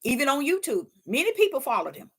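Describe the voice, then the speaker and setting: A woman's voice: high voice, big pitch swings, fast talker, a bit bright. A woman with an African American English accent, giving casual preaching commentary in an emphatic, repetitive way with stammered fillers. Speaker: live stream host.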